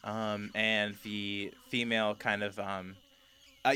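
Guy game master narrating a tabletop game, bright voice, lots of ums. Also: on the low side, level tone, measured pace, smooth. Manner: rambling with many fillers.

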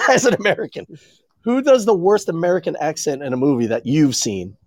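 A man's voice: high voice, huge pitch swings, normal speed, a bit bright, dry recording, shouting, studio quality. A man co-hosting a casual podcast over a remote call, rambling and joking, swearing freely. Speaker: podcast co-host.

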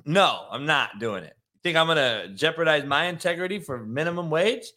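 Man, sports talk host, solo rant, profane, combative, fairly high voice, tense and forceful. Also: lively intonation, brisk. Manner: talks to live chat viewers. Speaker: show host.

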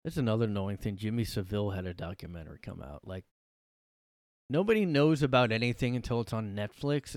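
A man's voice: lowish voice, brisk, a little mellow, dry recording, studio quality. Profane ranting young man. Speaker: podcast host. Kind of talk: solo ranting commentary. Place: his room.

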